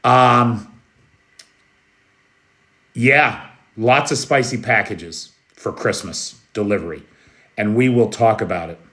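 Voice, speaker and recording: A man from the United States hosting a live news stream, speaking in a slow, measured, friendly way and greeting chat viewers by name. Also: on the low side, fairly bright tone. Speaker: news livestream host. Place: Kyiv, Ukraine.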